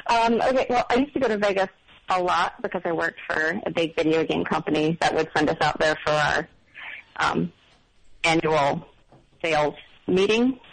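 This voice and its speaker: A woman's voice: on the low side, normal speed, creaky, poor audio. A middle-aged woman calling in to a show, telling a story casually with many ums and self-doubt. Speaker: caller. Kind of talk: casual phone call story.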